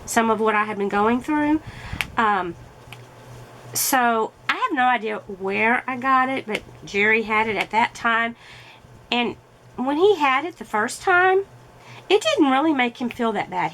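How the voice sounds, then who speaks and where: A woman's voice: a little high, a bit bright, slight background noise, rough recording. A middle-aged woman vlogging casually while crafting, telling a story in a chatty way with fillers as her voice recovers.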